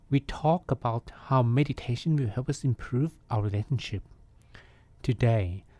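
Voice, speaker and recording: A man, a Buddhist monk, hosting a podcast and giving a calm, reflective meditation talk. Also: medium pitch, no room sound.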